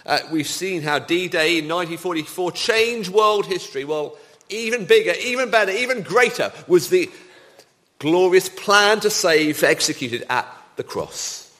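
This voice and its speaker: A man's voice: high-pitched, lively intonation, measured pace, fairly bright tone. A man preaching a sermon with dramatic emphasis and rhetorical questions.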